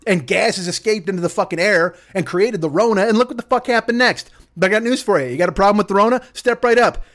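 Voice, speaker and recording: A man tears through a profane comic rant, his voice sitting high. He jumps between asides and mock outrage without pausing. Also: fairly bright tone. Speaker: podcast host.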